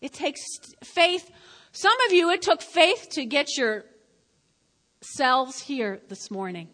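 A woman pastor delivers an animated sermon, hammering home her points by repeating them. Her voice sits high and rings bright. A long reverb from a church hall trails behind every phrase. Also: takes it slowly. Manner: emphatic and repetitive, addressing the congregation directly; animated, with sudden swings between loud and quiet.

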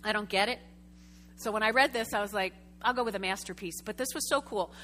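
A woman preaching a sermon to a congregation, telling a story with lively, chatty asides and questions to the room. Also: medium pitch, brisk, slight background noise. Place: church sanctuary before a congregation.

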